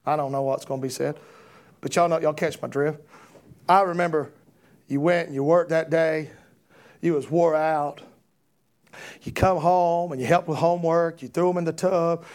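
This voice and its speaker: A man preaching an impassioned sermon, repeating rhetorical questions and building to shouts. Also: a little high, fairly even intonation, normal speed, pauses often.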